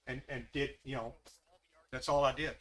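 A man's voice: mid-range voice, flat delivery, normal speed, fairly bright tone. A man leading a Bible study in a folksy way, asking the group questions. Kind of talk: conversational Bible study teaching.

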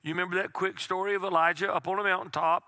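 A middle-aged man preaching a sermon as pastor, slowing right down for key phrases and dropping to a hush on the quiet lines. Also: sits high, steady tone, dry recording. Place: church sanctuary.

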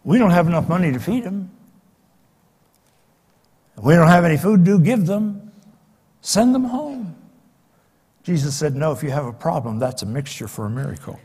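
An older man preaches a sermon in a high voice, turning dramatic as he swings from loud cries to near-whispers. His voice rings out with the long reverb of a big church hall. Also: sing-song, moderate pace, pauses often, husky. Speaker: pastor. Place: church sanctuary.

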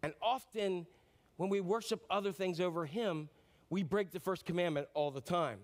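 A man in his fifties preaching a lively, rambling sermon, joking about himself and often restarting his sentences. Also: high-pitched, normal speed. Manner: animated, rambling, self-mocking sermon with many restarts. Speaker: pastor.

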